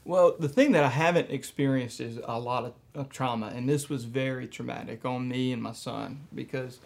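Gravelly-voiced man pastor, soft and halting. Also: mid-range voice, fairly even intonation. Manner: soft-spoken, halting, with frequent fillers. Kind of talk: conversational storytelling in a church message.

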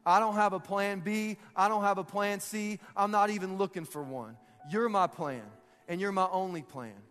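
A man's voice: high voice, normal speed, a bit bright, smooth, in a large hall, faint music behind, voice pushed up. A man preaching voices a casual male savior figure, slangy and laid-back, building to earnest declarations. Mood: fervent. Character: casual, warm male savior figure, calm then fervent.

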